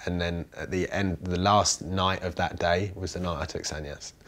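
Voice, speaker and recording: A man in a casual interview, telling a personal story in a rambling, animated way with many fillers and restarts. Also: deep voice, a little slow. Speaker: interviewee, commune resident.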